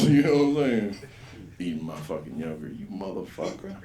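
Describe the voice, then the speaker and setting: A man, performing a rambling, profane stand-up set and loudly acting out the people in his stories. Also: deep voice, big pitch swings, normal speed, roomy sound. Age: 50s. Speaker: stand-up comedian. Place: comedy club stage.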